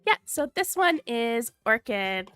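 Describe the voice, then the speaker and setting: Livestream host, female, a little sick with a cold, sultry tone, slow and animated, dry close sound. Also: clean tone, no room sound, faint music behind. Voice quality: low sultry tone. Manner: gushing, reads viewer comments aloud. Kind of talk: casual livestream chat.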